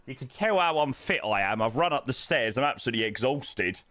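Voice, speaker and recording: A man's voice: mid-range voice, lively intonation, a little fast, a bit bright, no room sound. A young man streams from home, chatting casually and thanking viewers in a self-deprecating way. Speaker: flight simulator streamer. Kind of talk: casual live-stream chat.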